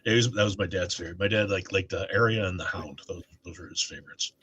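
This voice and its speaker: Low husky male co-host, bright edge, rambling casual talk. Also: highs cut off. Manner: rambling, halting with many restarts. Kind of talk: casual stream chat.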